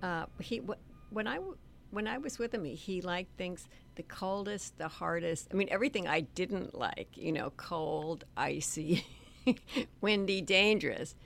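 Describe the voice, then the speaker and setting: An older woman telling family stories in an interview, hesitant and soft-spoken. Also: fairly low pitch, unhurried, vocal fry, a little hiss or hum. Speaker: author and guest. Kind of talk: storytelling interview.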